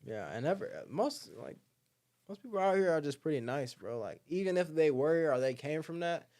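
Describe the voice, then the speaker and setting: A young man talks casually as a podcast guest, his voice a little higher than most and smooth and clear. He is a lively storyteller who slips into the voices of the people he quotes, peppering his talk with "like" and "bro.". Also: moderate pace. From Alabama. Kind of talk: casual conversation.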